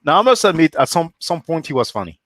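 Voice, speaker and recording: A man hosting a live stream, talking in a measured, hesitant way and often clearing his throat. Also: a little high, big pitch swings, a bit bright, slight background noise. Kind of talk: casual discussion.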